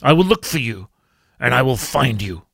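A calm, menacing action-film hero, as a man puts him on, with every word slow and deliberate. The voice sits a bit higher than the man's own and has a gravelly edge. The sound is dry and close. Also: no echo, full character voice. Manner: slow, deliberate threatening delivery.

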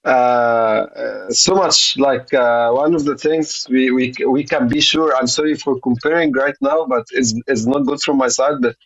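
Male guest, husky, halting and apologetic, dull lo-fi call audio. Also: mid-range voice, steady tone. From Egypt. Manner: hesitant, many fillers and apologies. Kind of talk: live interview over video call. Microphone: video call.

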